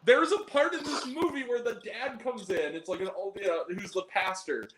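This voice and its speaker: A man giving a casual film review, animated, laughing often and acting out scenes in lively quoted voices. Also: high-pitched, moderate pace, crowd noise. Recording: echoey room with faint noise.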